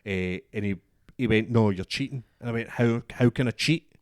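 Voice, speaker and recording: A man's voice: medium pitch, moderate pace, a little mellow, no echo, studio quality. A young Scottish man telling a story in casual podcast chat, swearing often and acting out both sides of the exchange. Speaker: podcast co-host.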